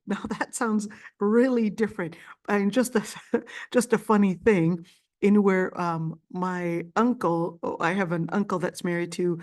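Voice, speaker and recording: A woman's voice: mid-range voice, a little mellow. Woman teaching Quran commentary. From Palestinian family. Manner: explanatory, repeats words, frequent fillers. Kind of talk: classroom lecture.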